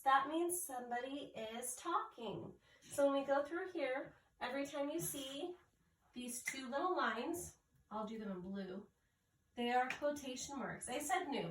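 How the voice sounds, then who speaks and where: A woman teacher giving an early reading lesson, sounding out and spelling words slowly and carefully. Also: high-pitched, slight background noise. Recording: echoey room, mic at a distance.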